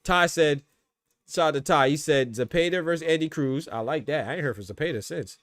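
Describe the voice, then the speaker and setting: A man's voice: a little high, brisk, fairly bright tone, dry recording. A man hosting a boxing podcast, giving loose, slangy live fight commentary and talking to his chat.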